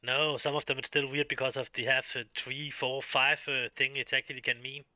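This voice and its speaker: A man's voice: medium pitch, level tone, fairly quick, pushed and bright, dry recording, highs cut off. A male game streamer with a Danish accent, a native Danish speaker chatting casually on a live stream, swearing freely and often stopping to restart his sentences.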